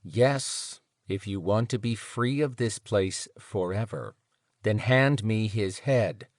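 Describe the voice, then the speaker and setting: A man voicing a smooth-voiced, mysterious male captor who speaks with calm condescension. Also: lowish voice, dry recording, clean studio sound. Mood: cold. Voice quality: smooth, hushed. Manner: measured, condescending.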